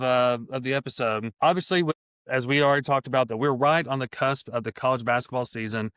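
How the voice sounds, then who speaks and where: Casting: middle-aged male podcast host, smooth clear voice, eager, rambling delivery, dry close mic. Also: medium pitch, brisk, a bit bright, no echo. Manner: enthusiastic, rambling with restarts. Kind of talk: casual sports podcast chat.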